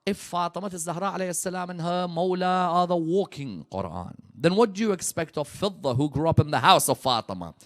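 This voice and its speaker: A man preaching a sermon, telling the story dramatically and swinging from hushed passages to loud, rising peaks. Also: high-pitched, lively intonation, brisk, hardly any pauses. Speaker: preacher at a religious gathering.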